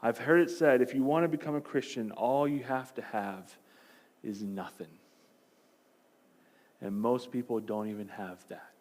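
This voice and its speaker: A man's voice: mid-range voice, steady tone, unhurried, pauses often. Man preaching a storytelling sermon. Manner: dramatic storytelling, dropping to soft emphasis. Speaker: pastor.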